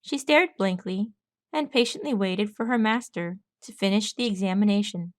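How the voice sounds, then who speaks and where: A woman narrating her own fan fiction audiobook in a steady, even storytelling voice. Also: medium pitch, normal speed, no echo, studio quality. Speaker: audiobook reader.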